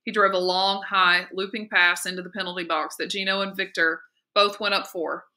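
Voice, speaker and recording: Woman teacher, very bright reading voice. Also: lowish voice, normal speed. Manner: steady, lively expressive reading. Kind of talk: read-aloud narration of a novel.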